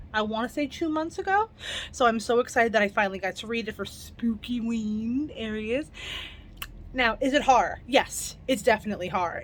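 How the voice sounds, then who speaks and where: A woman's voice: mid-range voice, fairly bright tone, a little hiss or hum. A young woman hosting her own book review vlog at home at night, chatty and enthusiastic but tired and yawning, laughing often as she talks. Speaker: book reviewer, channel host.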